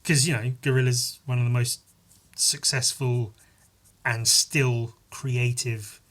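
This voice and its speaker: A man's voice: medium pitch, steady tone, slow, fairly bright tone. A man hosting a solo podcast, rambling and self-mocking and swearing freely. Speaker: podcast host. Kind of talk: casual solo podcast chat.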